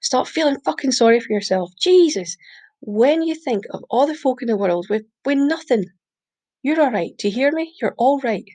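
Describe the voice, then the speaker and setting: A woman's voice: fairly high pitch, a little fast, darkish tone, lightly acted. A woman voicing Malky, a controlling, blustering man, in a story reading. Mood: angry. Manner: pushy, wheedling, then growling. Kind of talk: audiobook reading.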